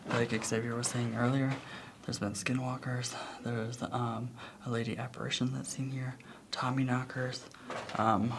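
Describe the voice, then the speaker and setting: A man's voice: medium pitch, background noise. A man exploring a cave as a paranormal vlogger, chatty and jokey, sometimes dropping to a whisper. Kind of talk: casual exploring commentary. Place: inside a cave.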